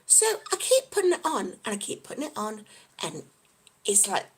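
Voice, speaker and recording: A woman from the UK chatting casually on a live stream, reading out comments in a bubbly, giggly, excitable way. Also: medium pitch, normal speed, slight background noise. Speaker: vlogger reading live chat.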